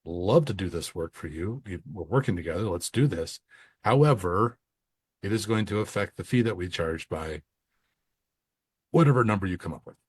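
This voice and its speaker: A man's voice: deep voice, moderate pace, slightly rough, dry recording. A man co-hosting an accounting podcast, talking casually and acting out client phone calls as he tells stories. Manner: animated storyteller who acts out dialogue. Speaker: podcast co-host and accounting coach. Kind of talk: casual conversational podcast talk.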